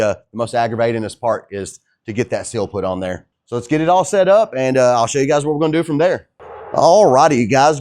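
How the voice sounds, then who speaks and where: A DIY truck builder jokes with viewers while working on a truck in his home garage, a laid-back how-to vlog where he addresses his audience as guys. His mid-range voice sounds a little mellow.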